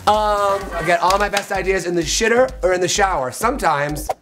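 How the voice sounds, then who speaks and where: A man's voice: high-pitched, fairly quick, a crowd in the background. A man hosting a live comedy podcast, crude, campy and rambling, losing his voice. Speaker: podcast host. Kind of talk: casual comedic chat. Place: live venue with music playing.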